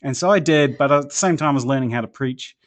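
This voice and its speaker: A man's voice: medium pitch, fast. Man, mixed New Zealand and American accent, rambling guest storyteller, frequent ums, self-deprecating. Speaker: church planter guest. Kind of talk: casual podcast interview.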